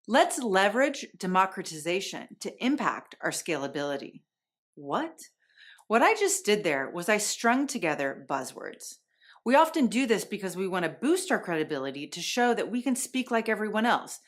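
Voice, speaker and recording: A middle-aged woman giving a scripted presentation to camera as a communication trainer, with a clear and emphatic coaching delivery. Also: medium pitch, big pitch swings, moderate pace.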